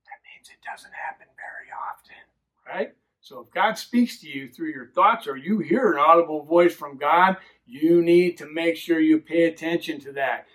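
A man's voice: on the high side, normal speed, hardly any pauses, a bit bright. A man teaching children a Bible lesson, explaining ideas simply and asking them questions.

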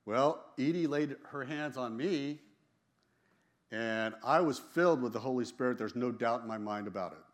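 A man with a voice of ordinary middle pitch tells a personal religious testimony in a relaxed, conversational way. He is emphatic and laughs often, and he repeats and restarts his phrases as he goes. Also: normal speed. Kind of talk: casual personal testimony storytelling.

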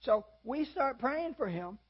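An older male preacher with a high, husky voice delivers a folksy, self-deprecating sermon. He builds to sudden emphatic peaks, and the recording sounds dull and lo-fi. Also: expressive, a little slow. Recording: dull lo-fi audio.

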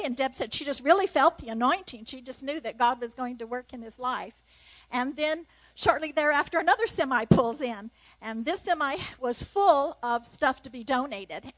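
A woman's voice: high voice, no echo, low-quality recording. An older woman giving an emotional mission testimony in church, exclaiming praise.

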